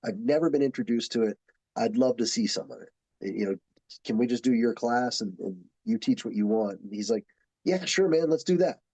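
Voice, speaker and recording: A man's voice: fairly low pitch, fairly quick, slightly rough, dry recording, poor audio. A man who teaches jiu-jitsu, telling stories in casual podcast chat and acting out the people he quotes. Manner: animated storyteller, acts out quotes.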